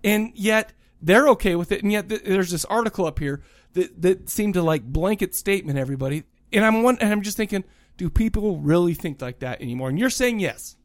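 A man's voice: high voice, lively intonation, brisk, no room sound, clean studio sound. A man co-hosting a podcast, chatting casually and rambling with frequent restarts. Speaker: podcast co-host.

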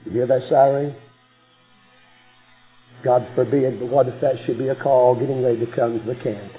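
A man preaching a sermon, telling a story emphatically with sudden soft drops in his voice. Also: medium pitch, fairly even intonation, normal speed. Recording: muffled radio broadcast with faint music.

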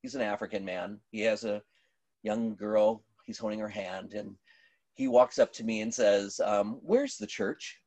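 A middle-aged man, a pastor, telling a story in conversation, animated, with many restarts and fillers. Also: lowish voice, normal speed, no room sound.

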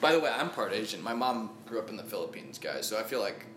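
A man's voice: on the low side, expressive, fast talker, a bit bright, roomy sound, a little hiss or hum. Eager, encouraging man hosting a podcast. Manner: eager, encouraging, laughs easily. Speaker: podcast host, comedian. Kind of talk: casual podcast conversation.

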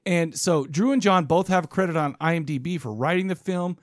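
A man's voice: fairly high pitch, a little fast. A man co-hosting a podcast, telling a rambling story in casual banter with lots of restarts. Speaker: podcast co-host.

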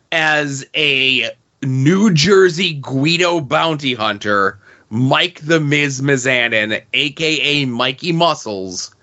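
A man's voice: on the high side, sharp tone, dull audio. A man hosting a casual movie review chat, sarcastic and rambling, full of "like" and "okay?" asides. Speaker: podcast host.

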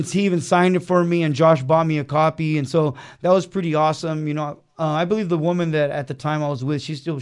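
A man with a slightly high voice tells his story in a studio. His telling is earnest and casual, full of slang and asides. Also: darkish tone, clean tone. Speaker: interview guest. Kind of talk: casual personal testimony. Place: small studio beside a chapel.

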